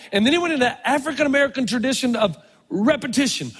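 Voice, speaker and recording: A man preaching a sermon, telling stories with animated, drawn-out emphasis in a large church. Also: very high-pitched, slightly rough. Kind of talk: sermon with storytelling. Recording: long reverb of a large hall.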